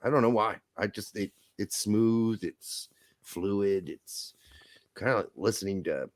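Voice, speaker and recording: A man with a Midwestern accent co-hosting a podcast in casual chat, loud and rambling, swearing freely. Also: on the low side, takes it slowly, dry recording. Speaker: podcast co-host.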